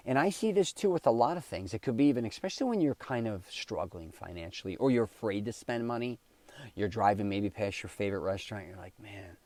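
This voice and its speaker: A man's voice: lowish voice, darkish tone, no echo. A man hosting his own podcast, talking casually in a rambling monologue and correcting himself as he goes. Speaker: podcast host.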